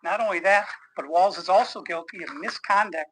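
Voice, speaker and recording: Deliberate commentator citing statutes. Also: medium pitch, fairly bright tone, breathy edge, low-quality recording. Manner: deliberate, cites statutes precisely. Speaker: political commentator in a played clip. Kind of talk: formal spoken argument.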